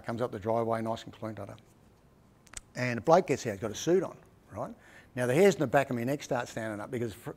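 A middle-aged Australian man tells stories at a book presentation. He talks in a loose, conversational way, with restarts and a habit of asking "right?". His pitch sits in an ordinary middle range. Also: a little mellow. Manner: chatty, repeats "right?" often, rambling with restarts. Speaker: author giving a book talk. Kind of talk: casual storytelling presentation.

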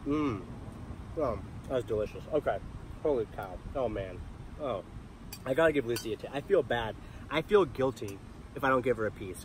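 Young male vlogger, mid-pitched, upbeat and talkative, recorded in a van with light background noise. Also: lively intonation, normal speed, long pauses. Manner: chatty, enthusiastic, talks to viewers directly. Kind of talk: casual cooking vlog. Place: camper van at a campsite.

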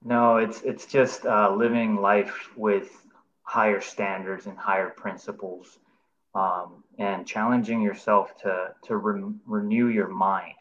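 Man guest, fairly low voice, earnest, halting delivery, muffled remote line. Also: level tone, fairly bright tone. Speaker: artist, program student and guest. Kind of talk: casual interview chat.

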